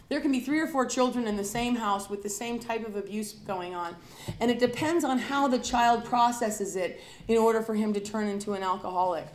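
A woman with a fairly high voice tells her own story of alcoholism and recovery, candid and confessional. She talks in an emphatic, dramatic way and acts out her past self. The room is echoey, with a faint hum of ambience behind her. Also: a little mellow. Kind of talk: personal recovery talk to an audience.

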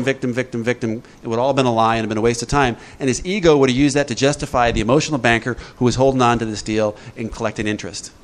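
A man leading a recovery group talk, lively and joking, acting out little voices as he explains. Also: medium pitch. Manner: lively, jokey, acts out voices. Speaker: recovery workshop speaker.

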